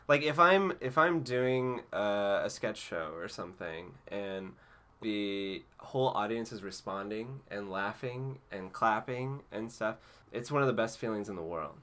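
A man's voice: lowish voice, lively intonation, measured pace, pushed and bright. A man being interviewed as an actor, chatting casually, laughing often and rambling with fillers. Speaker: actor guest.

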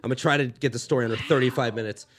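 Fast-talking young man telling a wild story. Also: medium pitch, a crowd in the background. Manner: rambling, profane, animated. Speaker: podcast guest. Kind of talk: comic storytelling.

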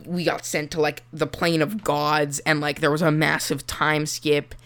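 A woman with a low voice co-hosts a chatty podcast. She jokes around and rambles, breaking into giggles as she goes. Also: level tone, measured pace, a bit bright. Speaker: podcast co-host. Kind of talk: casual chat. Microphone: remote call mic.

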